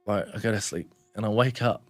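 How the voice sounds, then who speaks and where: This is a young New Zealand man guesting on a podcast, casually recounting something that happened to him, swearing and calling people "bro." His voice is on the lower side and brisk, with no room sound at all.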